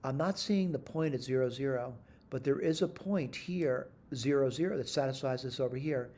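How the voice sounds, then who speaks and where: Mellow-voiced man thinking aloud through math. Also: medium pitch, normal speed. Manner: thinks aloud, self-correcting, frequent "all right?". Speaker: math instructor. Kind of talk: screen-recorded math tutorial.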